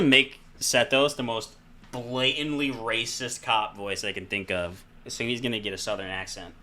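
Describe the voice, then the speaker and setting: A young man streaming a game, joking and breaking into loud excited outbursts between reading dialogue. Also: lowish voice, moderate pace. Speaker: gaming streamer. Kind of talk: casual gameplay commentary.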